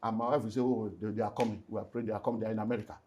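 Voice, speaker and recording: A middle-aged Nigerian man, a pastor, telling an earnest, animated personal story in an interview and slipping into Pidgin. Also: lowish voice, rapid-fire, slight background noise. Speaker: pastor and relationship speaker.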